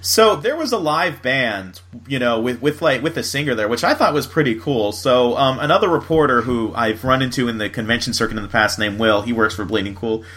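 A man from Florida hosts a casual podcast chat. He rambles easily, with plenty of "you know" and "like." His voice sits at an ordinary pitch for a man. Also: lively intonation, brisk, few pauses, fairly bright tone. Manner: chatty, full of fillers and laughs. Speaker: podcast host.

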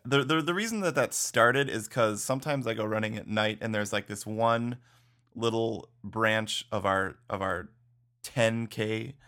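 A man with a somewhat low voice co-hosts a casual podcast. He talks in a loose, laid-back way, laughing often and dropping "dude" and "like" as he goes. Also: a little slow, pushed and bright. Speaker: podcast co-host. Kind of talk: casual chat.

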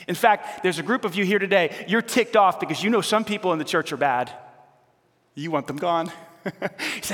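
Male pastor, sermon, animated, conversational, teasing, somewhat high voice, reverberant church hall. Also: moderate pace.

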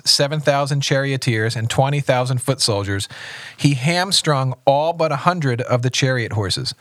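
Steady-voiced male pastor reading scripture. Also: on the high side, no room sound, clean studio sound. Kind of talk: podcast scripture reading and discussion.

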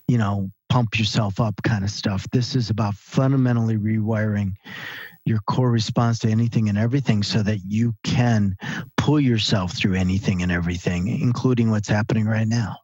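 A man guest on a podcast interview, telling stories in an animated, emphatic, conversational way. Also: on the low side, moderate pace, breathy edge, dry recording, muffled recording. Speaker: guest, author and speaker.

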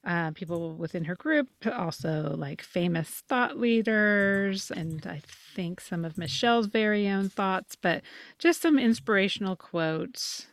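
A woman's voice: medium pitch, unhurried, dry recording. Woman podcast cohost, chatty and giggly, mid voice, dry mic. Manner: chatty, laughs often, animated quoting. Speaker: podcast co-host. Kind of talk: casual chat. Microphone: on camera, video podcast.

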